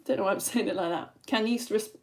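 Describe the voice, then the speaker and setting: A woman with a Yorkshire accent, a science teacher giving a lively live lesson for children, chatty and quizzing her audience. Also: mid-range voice, fast, vocal fry. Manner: chatty and energetic, asks the audience questions.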